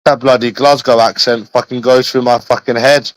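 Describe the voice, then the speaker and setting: A man's voice: mid-range voice, level tone, normal speed, no echo, poor audio. A man from London with an English accent, chatting casually on a livestream, swearing constantly and addressing viewers by name. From London, England. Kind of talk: rambling casual livestream chat.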